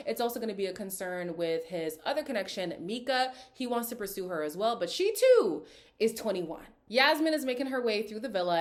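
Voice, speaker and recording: A woman talking through a reality dating show in a chatty, opinionated way, with a pitch that sits in the middle range. She speaks casually and directly to her audience and keeps the conversation loose and personal. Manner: opinionated, chatty, slips into quoted voices. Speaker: reality TV recap host. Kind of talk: casual reaction commentary.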